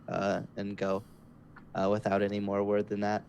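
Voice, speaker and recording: A man's voice: lowish voice, completely flat delivery, brisk, creaky, darkish tone, slight background noise. A man playing a tabletop role-playing game, narrating his character hesitantly with many fillers. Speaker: player.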